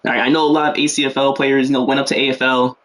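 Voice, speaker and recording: A man's voice: mid-range voice, level tone, very fast, fairly bright tone. A young man giving casual, joking play-by-play commentary on a livestreamed game, full of slangy asides and rambling.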